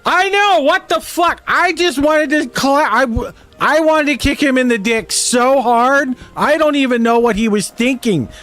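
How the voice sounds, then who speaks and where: A man imitating a loud, drunk young woman who rants and curses in a shrill voice. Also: very animated, fast, few pauses. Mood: drunk ranting. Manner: shrill, rowdy, cursing.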